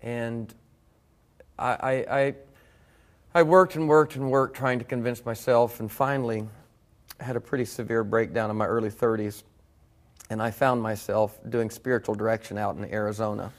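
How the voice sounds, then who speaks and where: A man's voice: mid-range voice, fairly even intonation, normal speed. A middle-aged man, earnestly telling his own story as a preacher in a reflective conversation. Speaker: guest preacher. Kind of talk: personal testimony in conversation.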